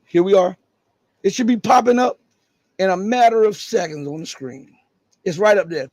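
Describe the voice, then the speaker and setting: A middle-aged man with a scratchy, raspy voice, giving emphatic live news commentary full of rhetorical questions. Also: high-pitched, lively intonation, normal speed, dry recording.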